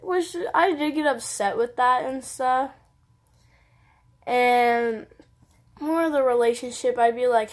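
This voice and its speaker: A woman's voice: a little high, slow pace, pauses often. A teenage girl telling a personal story on her vlog, rambling casually and saying "like" constantly. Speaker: vlogger.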